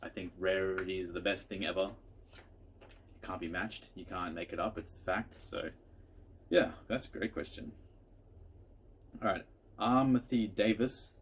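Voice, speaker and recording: A man's voice: sits low, steady tone, moderate pace, long pauses, slight background noise. A man in a casual home vlog, answering viewer questions in a chatty, rambling way with frequent restarts.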